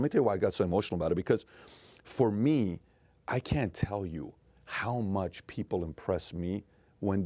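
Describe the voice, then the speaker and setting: A middle-aged man giving an earnest motivational talk, telling a family story and often slowing down to a soft, emotional tone. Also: lowish voice, no echo. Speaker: motivational speaker.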